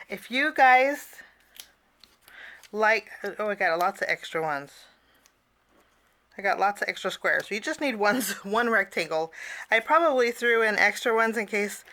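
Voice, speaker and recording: Bright-voiced chatty woman teaching crafts. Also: medium pitch. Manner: chatty, apologetic asides, frequent fillers. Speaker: cardmaking teacher. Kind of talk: casual craft tutorial.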